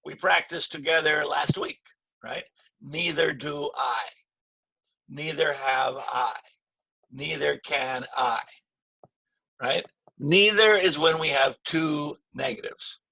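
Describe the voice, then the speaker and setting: A man teaching an English grammar lesson, slow and patient, repeating key phrases with stress. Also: on the high side, creaky, sharp tone, slightly rough, no room sound.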